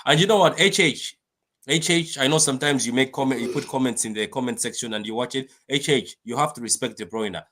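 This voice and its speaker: Man, stream host, excitable, repetitive, bright voice, mid pitch. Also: brisk. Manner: excitable, repetitive, reads viewer comments aloud. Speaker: fan channel host. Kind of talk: live-stream match reaction chat.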